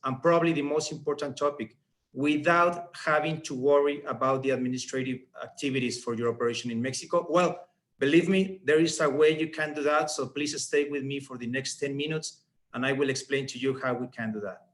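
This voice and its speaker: A man's voice: mid-range voice, steady tone, a little fast. A man presenting as a regional director, earnest and persuasive, stressing key points. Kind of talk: business presentation.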